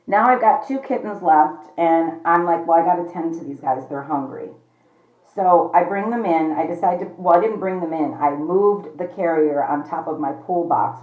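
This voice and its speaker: A woman vlogging at home in a chatty, rambling way, often calling her viewers "you guys". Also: lowish voice. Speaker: pet vlogger. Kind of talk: casual chat to camera. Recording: echoey, slightly dull home recording.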